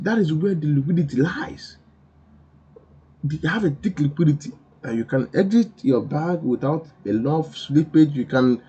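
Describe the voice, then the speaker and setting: A man's voice: on the high side, dark tone, slightly rough. A man hosting a crypto channel, giving emphatic commentary in an insistent, repetitive, preachy way. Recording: dull lo-fi recording.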